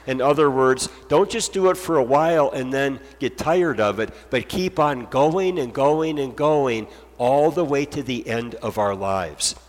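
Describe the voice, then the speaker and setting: A man's voice: medium pitch, measured pace, hardly any pauses, in a large hall. A man preaching a sermon as pastor, earnest and emphatic, driving points home with repetition.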